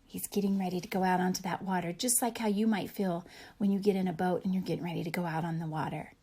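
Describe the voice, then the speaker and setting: A young woman teacher reading a picture book aloud to young children, pausing to ask gentle questions. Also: fairly low pitch, breathy edge. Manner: gentle, animated storybook reading with questions to kids.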